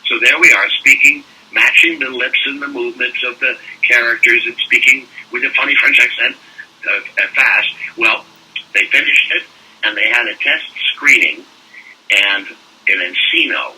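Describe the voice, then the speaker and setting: An older man, a voice actor, telling animated anecdotes in a casual interview and slipping into mock French-accent bits. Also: medium pitch, moderate pace, breathy edge. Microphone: phone call. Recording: distant phone-call audio.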